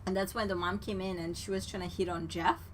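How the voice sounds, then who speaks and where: A woman's voice: fairly low pitch, level tone, fast, a little hiss or hum. A woman co-hosting a podcast, casually walking through a movie's plot step by step and laughing often. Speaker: podcast co-host. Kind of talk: casual chat recapping a movie.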